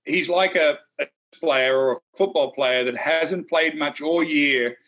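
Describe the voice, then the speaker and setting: Middle-aged male co-host, bright and slightly high, blunt and teasing golf analyst. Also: measured pace. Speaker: co-host, golf analyst and former tour player. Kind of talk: casual golf betting chat.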